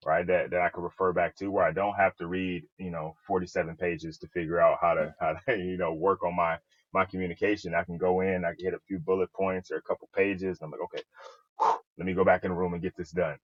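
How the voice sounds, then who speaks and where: A low, husky male voice belongs to a podcast host who muses aloud in casual conversation, often tagging his points with "right?". The sound is dry and a little dull, like slightly lo-fi audio. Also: no echo. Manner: reflective, thinking aloud with frequent "right?". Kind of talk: casual interview chat.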